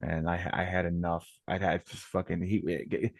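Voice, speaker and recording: Low-voiced guy calling in, swears nonstop, rambly, dry close sound. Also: level tone, moderate pace, creaky, no room sound. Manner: profane, rambling storytelling. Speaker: caller. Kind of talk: casual call-in chat.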